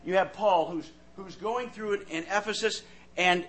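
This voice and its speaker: A man with a high voice preaches a sincere sermon at normal speed. His loudness ebbs and surges, and he repeats words often as he gropes for the next point.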